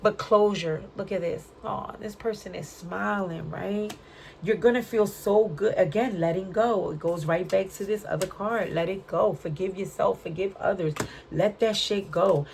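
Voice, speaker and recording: A woman's voice: mid-range voice, moderate pace, vocal fry, darkish tone, a little hiss or hum. A woman giving a casual spiritual card reading, chatty and full of slang, often checking in with "right?". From Puerto Rican, raised in Brooklyn. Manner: chatty, frequent "right?" tag questions; streetwise slang. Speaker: tarot reader.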